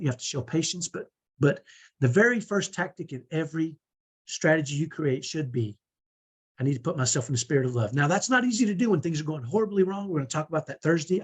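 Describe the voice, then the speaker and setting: A middle-aged man giving a conversational teaching talk to parents, often checking in with a quick "right?" as he makes his points. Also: a little high, breathy edge. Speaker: parent coach.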